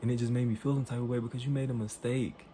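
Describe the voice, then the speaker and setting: A man telling a story to the camera in an animated, emphatic way, swearing freely and acting out what people said. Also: mid-range voice, rapid-fire, a little hiss or hum. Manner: profane, emphatic, acts out quoted dialogue.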